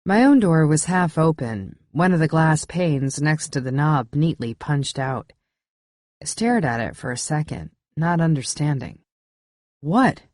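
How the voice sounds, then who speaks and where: Low-voiced woman reading an audiobook. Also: animated, measured pace, a little mellow, no room sound, studio quality. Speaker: audiobook narrator. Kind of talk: first-person thriller narration.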